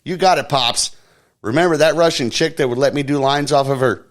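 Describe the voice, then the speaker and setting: A man's voice: medium pitch, a little fast, voice pushed up, natural voice. A podcast host voicing a brash, careless young man in a comedy bit. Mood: cocky.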